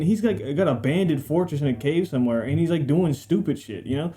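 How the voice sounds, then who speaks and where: Mellow-voiced man in profane rambling commentary. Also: a little high. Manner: profane, rambling, slangy and sarcastic. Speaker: gaming video creator. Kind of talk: casual rambling game ranking commentary.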